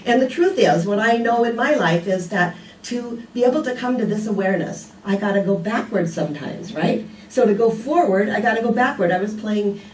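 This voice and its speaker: An older woman at a spiritual community gives a casual, conversational sermon full of stories and rhetorical questions. Her medium-pitched, somewhat mellow voice moves briskly with few pauses, recorded from a distance in an echoey room.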